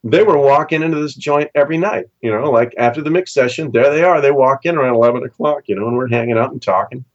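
A man's voice: fast talker, highs cut off. A man from Southern California, a session musician, telling long casual stories in an interview and acting out the voices of people he quotes. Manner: animated storyteller, acts out quoted voices with big pitch jumps.

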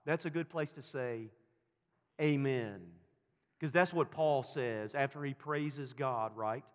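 A man's voice: mid-range voice, slow pace. A man preaching a sermon as pastor, building emphasis through repeated, rising phrases. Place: church sanctuary. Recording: long reverb of a church hall.

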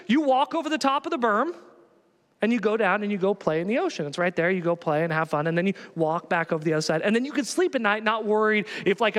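A pastor preaches in an animated, conversational style, frequently posing rhetorical questions to the congregation. His voice sits high and the sound carries the echo of a big room.

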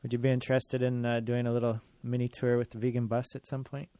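A man's voice: medium pitch, completely flat delivery, quick pace, dark tone, dry recording. Man, radio host, studio mic, dry sound, jokey, casual. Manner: jokey, laughs easily.

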